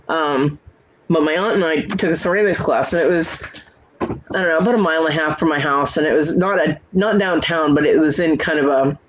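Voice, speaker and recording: A woman in her forties hosts a relaxed chat show. She spins long personal stories in a loose, rambling way. She brings the back-and-forth of old conversations to life as she tells them. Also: deep voice, dull audio, background noise. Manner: chatty storyteller who acts out quoted exchanges. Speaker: host. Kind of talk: casual chat.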